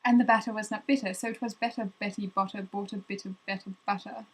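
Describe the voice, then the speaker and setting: A woman talks straight to camera in an easygoing way, self-deprecating and light. Her voice sits at an ordinary middle pitch. Her chat is loose and full of fillers, and she slows down to read out tongue twisters with care. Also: fairly even intonation, poor audio. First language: English. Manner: good-humoured and self-deprecating, pausing on fillers. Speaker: vlogger. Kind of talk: casual talk to camera trying tongue twisters.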